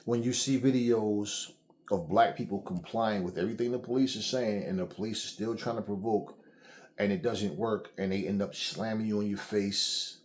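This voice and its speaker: Middle-aged male host, low-pitched, angry blunt rant with heavy cursing. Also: normal speed. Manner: blunt, heated, swears freely. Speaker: channel host. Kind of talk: angry solo commentary.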